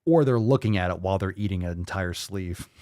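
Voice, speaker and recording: A man hosting a livestream podcast, talking in a crude, loud and mocking way. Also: deep voice, brisk, no room sound, studio quality. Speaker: podcast host.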